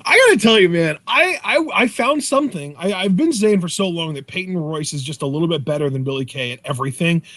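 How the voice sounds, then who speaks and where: A young man with a high voice that swoops widely in pitch rambles enthusiastically about wrestlers. He often stumbles and restarts, and laughs easily. The recording is dry and close. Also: lively intonation, fast, hardly any pauses, fairly bright tone, dry recording. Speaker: podcast co-host. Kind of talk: casual wrestling review chat.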